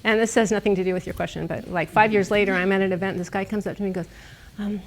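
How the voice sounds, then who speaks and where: A middle-aged woman speaking as a guest speaker, telling stories in a lively, snarky way and laughing often. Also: medium pitch, very fast. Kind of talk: casual storytelling talk. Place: lecture room.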